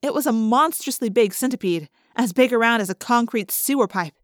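A woman narrating an audiobook in the first person, vivid and expressive. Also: on the high side, brisk, no room sound, clean studio sound.

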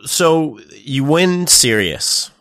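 A man's voice: fairly high pitch, big pitch swings, very slow, gravelly, a bit bright, dry recording, studio quality. A man hosting a casual interview, asking questions in an easygoing, somewhat apologetic way. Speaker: interview host.

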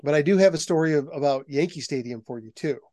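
A middle-aged man, a guest author, telling anecdotes in a lively, conversational way. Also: on the high side, fast talker, no room sound. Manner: lively anecdotal telling, acts out quoted voices. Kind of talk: conversational storytelling.

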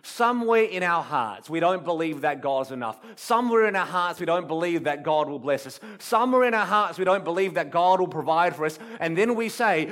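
A male preacher delivers his sermon with a lively, swooping voice that sits a little above the usual male pitch. He tells stories dramatically and builds through repeated rhetorical phrases. His delivery swings from hushed to strong. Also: brisk, few pauses. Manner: dramatic storytelling with wide swings from soft to loud; repetitive rhetorical build-ups.

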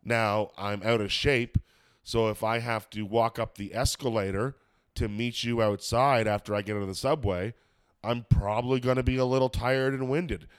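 Man with a smooth, dry voice and a cold. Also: medium pitch, steady tone, moderate pace, no room sound. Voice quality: smoker's cough. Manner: rambling, swears freely, many fillers. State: has a cold. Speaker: podcast host and stand-up comedian. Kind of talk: casual chat.

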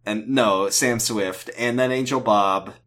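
A man's voice: fairly low pitch, fairly even intonation, takes it slowly, a bit bright. Rambling, jokey male podcast co-host. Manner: rambling, jokey, acts out characters' lines. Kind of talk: casual podcast recap chat.

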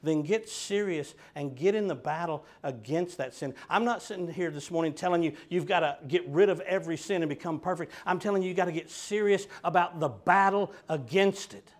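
A man's voice: fairly high pitch, fairly quick, few pauses. A man preaching a sermon, emphatic and direct with his listeners. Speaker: pastor.

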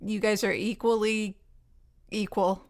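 A woman's voice: mid-range voice, little pitch movement, a little slow. Shy, self-deprecating woman. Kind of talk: casual chat.

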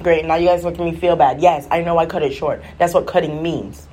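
A woman's voice: low voice, steady tone, a little fast, few pauses, dark tone. A woman chatting casually on a vlog, telling a rambling, exasperated story. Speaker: vlogger. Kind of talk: casual chat.

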